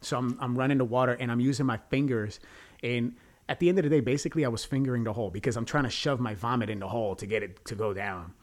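Guy podcast host, mid-pitched voice, rambling crude stories, really animated. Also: quick pace. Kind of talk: casual storytelling.

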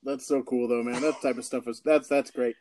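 A man from Portland hosting a casual interview, telling animated stories and laughing often. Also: mid-range voice, brisk, dry recording. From Portland, Oregon. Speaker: host.

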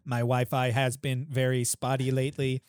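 A man's voice: medium pitch, monotone, darkish tone, smooth, no room sound, studio quality. A man hosting a casual podcast, joking with friends and steering the topics. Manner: jokey, quick, leads the topics. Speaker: podcast host.

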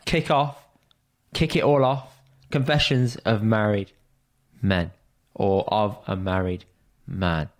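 Brisk, teasing podcast host. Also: male voice, fairly low pitch, fairly even intonation. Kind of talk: casual chat.

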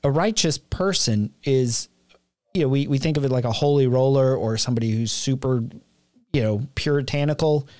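A man's voice: medium pitch, moderate pace, darkish tone, no echo, studio quality. A man co-hosting a casual faith podcast, reflective and quoting scripture as he talks. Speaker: podcast co-host.

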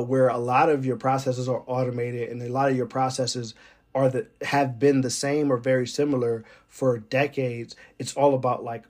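A man's voice: medium pitch, darkish tone. A man talks casually about workplace personalities, wandering off on tangents as he goes. His speech is full of fillers and restarts. Now and then he gives a wry, uncomfortable laugh. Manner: rambling, digressive, many fillers. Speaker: military weather forecaster. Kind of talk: casual monologue.

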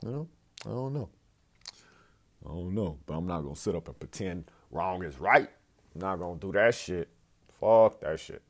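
Man, low gravelly voice, lively swings in pitch, blunt profane podcast monologue. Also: moderate pace, long pauses. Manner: profane, blunt, repeats himself. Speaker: podcast host. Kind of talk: casual rambling monologue.

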